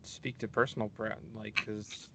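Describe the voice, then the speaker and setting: Casting: man, gravelly voice, blunt podcast co-host, faint background hiss. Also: fairly low pitch, flat delivery, moderate pace. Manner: blunt, offhand remarks. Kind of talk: casual chat.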